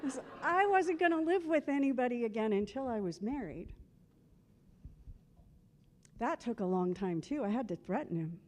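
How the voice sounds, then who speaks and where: A woman's voice: on the high side, expressive, moderate pace, pauses often, a little mellow. A woman giving a eulogy for her husband at a memorial service, telling humorous stories and acting out old conversations. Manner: humorous, acts out remembered conversations.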